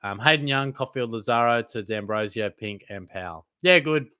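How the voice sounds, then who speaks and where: Laid-back Aussie bloke answering chat. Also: male voice, medium pitch, lively intonation, moderate pace, pushed and bright, smooth, dry recording. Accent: Australian. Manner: laid-back, blokey, calls viewers mate. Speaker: fantasy football live stream host. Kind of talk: casual live Q&A reading chat questions.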